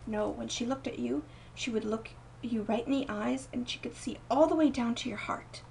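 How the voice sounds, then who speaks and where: Gentle young woman reading a storybook aloud. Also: a little high, moderate pace, creaky, recorded from a distance, slight background noise, poor audio. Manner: gentle, expressive read-aloud with soft dips for quoted lines. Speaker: storybook reader. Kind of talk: reading a picture book aloud.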